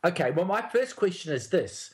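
A male radio host with a fairly high voice that swings up and down a lot as he talks. He leads the casual chat, asking his guest questions in a lively way. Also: normal speed.

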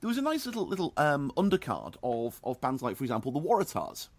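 Sardonic New man, lively voice. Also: mid-range voice, quick pace, dry recording. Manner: dry, sardonic, animated. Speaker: film and music reviewer. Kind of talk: casual radio chat.

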